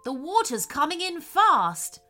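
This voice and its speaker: A woman reading a children's story, voicing a kind but stern female scientist who talks briskly and confidently. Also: sits high, sing-song, bright, forceful tone, faint music behind, voice pushed up, heavily acted. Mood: reassuring.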